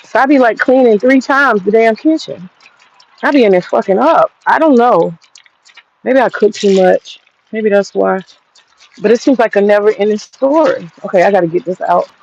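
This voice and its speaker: A chatty woman, hosting a livestream from her garden. She talks loosely and swears freely, at a mid pitch. The phone audio is dull and lo-fi. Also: normal speed, a little mellow, a little hiss or hum. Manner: chatty, profane, laughs often. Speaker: livestream host. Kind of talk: casual livestream chat. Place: home garden.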